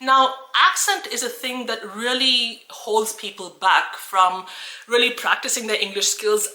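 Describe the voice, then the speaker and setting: A woman's voice: mid-range voice, sharp tone, reverberant, low-quality recording. A woman from Australia who coaches English, talking earnestly and encouragingly to camera with frequent restarts. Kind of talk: talking-head video.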